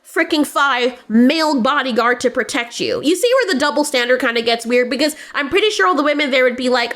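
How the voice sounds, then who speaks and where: A woman with a high voice delivers opinionated commentary in a blunt, sarcastic way. She laughs often as she talks. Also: lively intonation, brisk, hardly any pauses, fairly bright tone. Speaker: commentary host.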